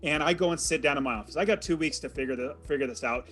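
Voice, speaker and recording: A man's voice: on the high side, quick pace, fairly bright tone, faint music behind. A man telling a personal story as an interview guest, in a vivid and dramatic way. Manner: vivid, dramatic retelling with acted quotes.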